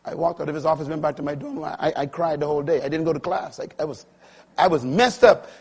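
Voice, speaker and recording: A man in his sixties preaching a sermon, swinging from quiet, intimate lines to loud, emphatic ones. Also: fairly high pitch, little pitch movement, quick pace, husky. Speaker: pastor.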